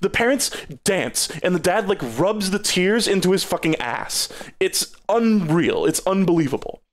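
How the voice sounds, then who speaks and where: A man's voice: sits high, lively intonation, normal speed. A man streaming a game review, talking casually with lots of swearing and exasperated sarcasm.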